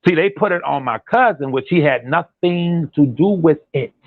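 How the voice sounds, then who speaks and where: A man's voice: on the high side, moderate pace, no room sound. Emphatic man on a tinny phone line. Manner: animated, repetitive and emphatic, drops into imitated quotes. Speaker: guest on a commentary channel, relative of a defendant. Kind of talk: casual call-in chat.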